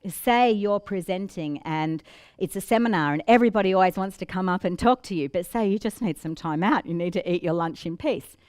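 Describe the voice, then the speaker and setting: A woman giving a business training talk, lively and demonstrative, acting out examples with giggles and changes of voice. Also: lowish voice, brisk, dry recording, studio quality. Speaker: presenter.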